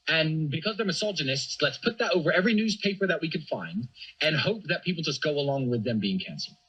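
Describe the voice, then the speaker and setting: Male podcast guest, husky voice with a lifted pitch and lively swings, emphatic. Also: muffled recording. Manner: emphatic, animated storytelling with acted quotes. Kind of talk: casual chat.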